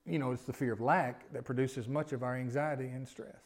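A male pastor preaching a sermon, swinging from loud emphatic lines to quiet asides and stacking rhetorical questions. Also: medium pitch, fairly even intonation, brisk. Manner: repetitive, building lists of rhetorical questions.

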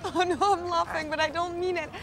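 A woman's voice: very high-pitched, flat delivery, fairly quick, crowd noise. A wistful, teasing woman. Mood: teasing, anxious. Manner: playful, anxious, pleading. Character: wistful, teasing French woman reunited with old love. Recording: film clip with street noise.

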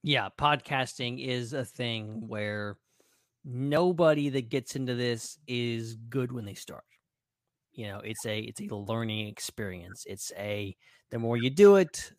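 A man in his thirties from the American South, co-hosting a podcast in a halting way, with many uhs and restarts. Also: medium pitch, dry recording, studio quality. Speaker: podcast co-host. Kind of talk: casual podcast chat.

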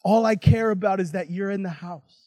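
Preacher doing a tender father, quiet and pleading, dry sound. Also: sits high, fairly even intonation, brisk, no echo, natural voice. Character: gentle, loving older father.

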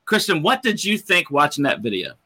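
Hyped-up bright male show host. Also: on the high side, brisk, breathy edge. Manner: excitable, enthusiastic, hyped up. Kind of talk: live show chat.

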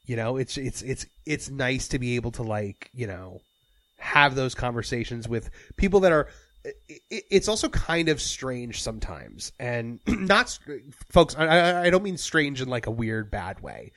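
A man's voice: medium pitch, animated, normal speed, a bit bright, dry recording. A man co-hosting a casual podcast chat, rambling with many fillers and restarts. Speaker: podcast co-host.

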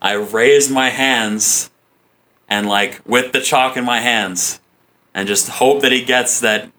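A man's voice: medium pitch, fairly even intonation, slow, bright, forceful tone. A man playing a tabletop game who checks the rules carefully and asks many questions. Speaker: player.

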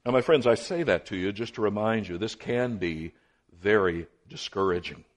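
A man preaching a sermon as pastor, telling stories with folksy, dry humor and swinging between loud lines and hushed ones. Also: lowish voice, expressive, normal speed. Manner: shifts from loud to hushed while retelling.

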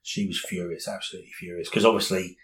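A man's voice: low voice, flat delivery, quick pace, a bit bright, slight background noise, low-quality recording. A middle-aged man, candidly telling a personal story in an interview, rambling with many fillers.

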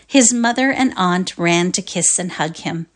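A woman's voice: fairly low pitch, a little slow. A woman reading a classic short story aloud as narrator in a readers' theatre performance, telling it expressively. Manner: expressive storytelling, lively voicing of quotes.

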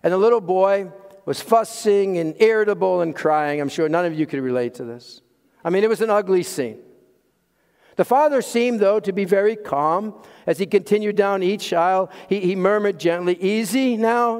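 A man preaching a sermon as pastor, swinging from loud emphasis to hushed asides and chuckling at his own jokes. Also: high-pitched, normal speed, clear, resonant tone. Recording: long hall reverb.

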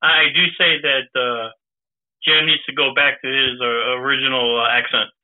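A man's voice: medium pitch, fairly even intonation, moderate pace. A man co-hosting a podcast in casual chat, playfully needling the others. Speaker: podcast co-host. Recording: tinny phone-like remote line.

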